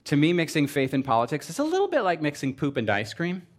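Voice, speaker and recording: A man giving a comedic sermon to a live audience, animated and sarcastic, jumping between loud exclamations and mumbled asides. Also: on the high side, quick pace.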